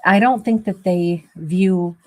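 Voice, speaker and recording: A woman's voice: lowish voice, slow pace. A woman host giving a casual tarot reading, wheezy and rambling, with plenty of fillers. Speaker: tarot reader.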